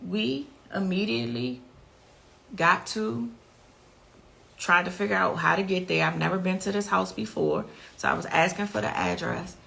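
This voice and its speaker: A woman's voice: mid-range voice, expressive, moderate pace, creaky, pushed and bright. A grieving mother recounting a night of violence in an emotional interview, her telling growing frantic as she relives it. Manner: recounts events with rising, frantic intensity.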